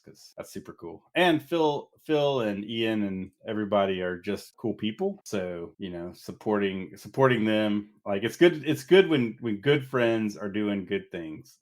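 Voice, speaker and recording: Guy on a podcast, kinda deep, chill and rambly. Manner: rambling, easygoing. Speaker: podcast co-host. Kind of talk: casual chat.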